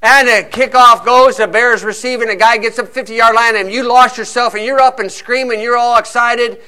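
A man preaching a sermon, telling a lively story and acting out quick asides from other people. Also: extremely high pitch, clear, resonant tone. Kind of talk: sermon with a sports illustration.

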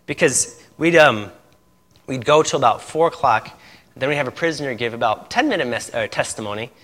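A man preaching and recounting a testimony with lively energy, his tone bright and forceful. He laughs often and acts out the other voices in his story. His voice rings out with a long echo in a large hall. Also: medium pitch. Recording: echoey hall.

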